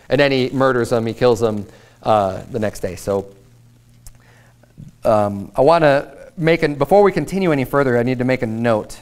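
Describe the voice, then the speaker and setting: A man's voice: mid-range voice, a little fast, clear, resonant tone. Man preaching a casual Bible study. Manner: reads scripture aloud, then explains it in casual everyday speech. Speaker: pastor.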